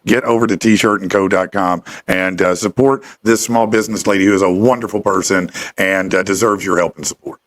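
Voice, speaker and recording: A man's voice: low voice, steady tone, a little fast, hardly any pauses, a bit bright. A man hosting a casual interview, joking and laughing often. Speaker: show host.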